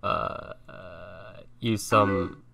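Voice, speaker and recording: A young man playing a chat game on stream, thinking aloud and softly reading the messages on screen. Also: low voice, fairly even intonation, drawn-out words, vocal fry, slight background noise. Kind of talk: casual let's-play commentary. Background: game music and keyboard typing.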